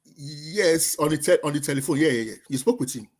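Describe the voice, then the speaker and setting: A man's voice: a little high, fairly quick. A man, calling in to a discussion and arguing with many stammered restarts. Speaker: caller. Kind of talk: casual debate.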